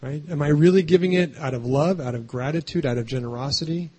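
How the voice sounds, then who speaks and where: A man delivering a sermon in a loose, conversational way, often tagging his points with a quick "right?". His voice is husky and sits fairly high. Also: a little mellow. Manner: chatty, keeps adding "right?". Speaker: pastor.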